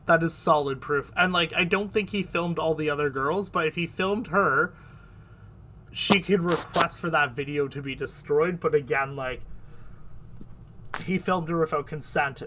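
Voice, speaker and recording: A man with a bright, forceful voice pitched a little high, chatting on his livestream. He rambles and leans heavily on filler words, with plenty of swearing mixed in. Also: moderate pace, slight background noise. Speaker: streamer host. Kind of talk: casual livestream chat.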